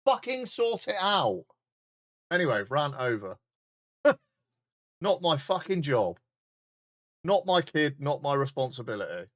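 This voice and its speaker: A man's voice: on the high side, very animated, a little slow, pauses often, fairly bright tone. A man in his forties with a British accent, ranting bluntly and heatedly in a sweary live stream chat. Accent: British English. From United Kingdom. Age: 40s.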